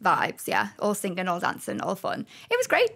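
A young woman with a Liverpool accent, chatting as a podcast guest and telling stories in a lively, animated way. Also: mid-range voice, moderate pace, gravelly. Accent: Scouse (Liverpool). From Liverpool, England. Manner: animated, chatty storyteller with laughs. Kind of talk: casual podcast chat.

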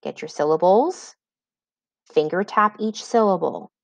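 A woman reading teacher giving a recorded spelling lesson for children, dictating words slowly and clearly with example sentences. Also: lowish voice, expressive, no room sound, muffled recording.

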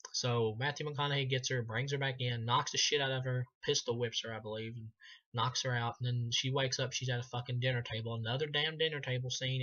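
A man rants his way through a film review, swearing freely and laughing at what he describes. His voice is bright and forceful in the middle range. The recording sounds a little dull and lo-fi. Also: medium pitch. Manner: sarcastic, profane, laughs often. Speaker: movie reviewer. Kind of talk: casual profane film review.

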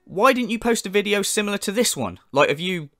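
A man's voice: high-pitched, animated, a little fast, bright, forceful tone, no echo, faint music behind. A man ranting in commentary, exasperated and profane, incredulous at what he describes. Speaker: commentary video host.

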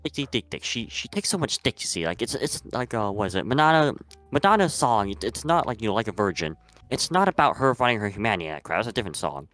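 Male podcast guest, quick ranting delivery with lively pitch; faint music beneath. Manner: fast, rant-prone, swears. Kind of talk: casual podcast chat.

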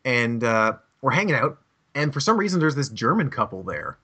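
A man's voice: mid-range voice, sing-song, normal speed, pushed and bright, husky. A man hosting a comedy podcast, telling a rambling, profane story and laughing often. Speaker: podcast host.

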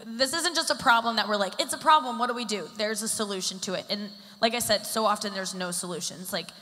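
A woman in her thirties performs stand-up on a live event stage. Her voice is bright and sharp, and she rambles in a self-deprecating way, packing her talk with "like"s. The sound rings out with the long reverb of a large hall. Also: medium pitch, fast. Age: 30s. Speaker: stand-up comedian.

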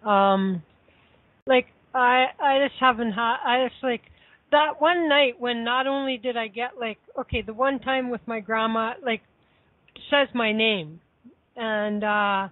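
Woman, casual rambling talker, a touch high, on a phone line. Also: a little slow, no echo. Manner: rambling, many fillers and restarts. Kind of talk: casual chat.

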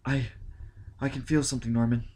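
A man voicing a calm, determined woman scientist, lifting his pitch and speaking in an even, insistent way. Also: fairly quick, breathy edge, lightly acted. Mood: tense. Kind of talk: audiobook reading.

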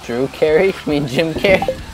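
A man's voice: fairly high pitch, moderate pace, over music. A man streaming a game live, chatting and joking crudely with friends on voice chat. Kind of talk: casual gaming banter on live stream.

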